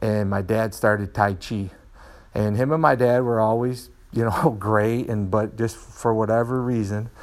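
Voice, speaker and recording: A middle-aged man, a martial arts student, telling candid personal stories in an animated way, with frequent restarts, in a dojo. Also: on the low side, unhurried.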